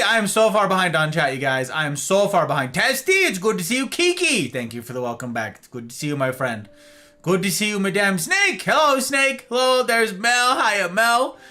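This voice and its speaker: A man streaming live and greeting his chat one by one, playful and theatrical, with faint music behind him. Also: sharp tone. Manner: playful, theatrical, swings between high exclamations and low murmurs. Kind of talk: casual livestream chat greeting viewers.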